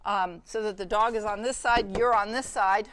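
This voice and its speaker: A woman instructor leading a hands-on training demonstration, brisk and practical, often checking in with "okay?". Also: mid-range voice, fairly even intonation, a bit bright.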